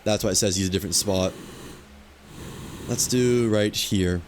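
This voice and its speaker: Relaxed and muttering to himself, a man streams a video game and talks through his on-screen moves. His voice is on the low side and his pace measured, with slight background noise.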